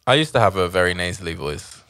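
A man's voice: low-pitched, lively intonation, fast, fairly bright tone, no room sound, studio quality. A man hosting a podcast, joking and easygoing with slang. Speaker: podcast host. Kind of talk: casual interview chat.

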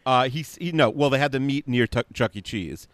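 Young man, podcast co-host, dry close sound, halting and hesitant, casual plot recap. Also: mid-range voice, fairly bright tone, dry recording. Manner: hesitant, many fillers and restarts, dry.

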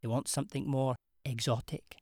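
A woman's voice: a bass voice, steady tone, normal speed, a little mellow, no echo, studio quality. A narrator voicing Sophia, a young Glaswegian stripper woman with a musical brogue, blunt and teasing, in an audiobook. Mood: frank, teasing. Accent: Glaswegian Scottish.

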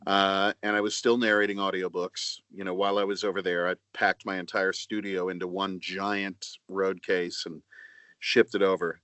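A man talking as a voice actor guest on a podcast, chatty and self-deprecating with halting restarts. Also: sits low, level tone, a bit bright, dry recording. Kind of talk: casual podcast chat.

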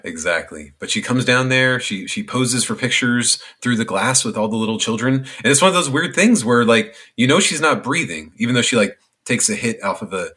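A man's voice: mid-range voice, expressive, fairly quick, few pauses, pushed and bright, husky. A man co-hosting a podcast in casual chat, telling wry stories and tossing teasing jabs. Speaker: podcast co-host.

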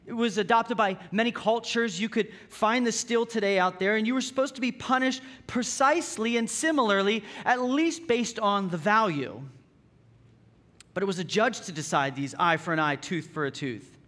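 High-voiced man preaching a sermon. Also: moderate pace, fairly bright tone. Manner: conversational preaching with rhetorical questions. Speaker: pastor.

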